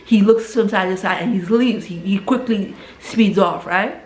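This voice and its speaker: A woman casually retelling a film plot. She keeps adding "right?" and repeats words as she rushes ahead. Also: mid-range voice, slight background noise. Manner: tags nearly every sentence with "right?". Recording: roomy echo.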